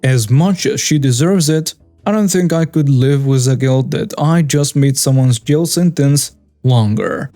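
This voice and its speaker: Male narrator for story videos; steady, even read, dry close sound. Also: medium pitch, a little slow, no echo, soft background music. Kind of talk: scripted narration.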